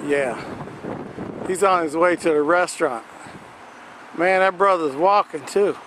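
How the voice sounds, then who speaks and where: A man's voice: a little high, a little slow. A man filming his family outside a restaurant, chatting casually and chuckling often as he narrates. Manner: chuckles often, easygoing drawl. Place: outdoors on a town street by a restaurant. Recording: street noise and wind outdoors.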